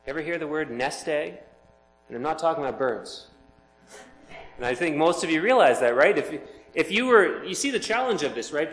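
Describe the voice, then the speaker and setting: A man's voice: fairly high pitch, echoey room, low-quality recording. A man preaching a sermon as pastor, earnest and emphatic, explaining scripture to his congregation.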